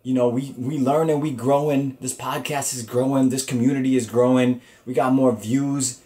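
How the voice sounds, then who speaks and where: A man with a warm, mid-range voice and level tone hosts his comedy podcast by himself at normal speed. He talks loosely and profanely, with frequent fillers and restarts.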